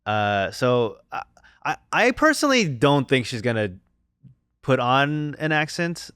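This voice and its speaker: An easygoing man co-hosts a casual podcast, agreeable and quick to laugh. His voice is smooth and clear, at a middle pitch. The sound is dry and close. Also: very animated, a bit bright, dry recording. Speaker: podcast co-host. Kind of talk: casual chat.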